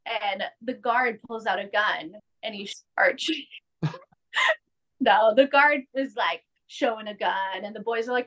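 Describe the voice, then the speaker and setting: A woman hosting a podcast, casually recapping an episode with lively acted-out quotes. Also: fairly high pitch, measured pace. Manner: animated, acts out quotes, laughs often. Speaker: podcast host.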